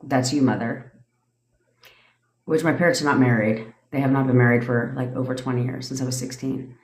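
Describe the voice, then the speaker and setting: A woman in her thirties, a manifestation coach, rants and answers questions on a casual livestream, blunt and profane, laughing often. Her voice is rumbling low and fast with fairly even intonation, in an echoey room.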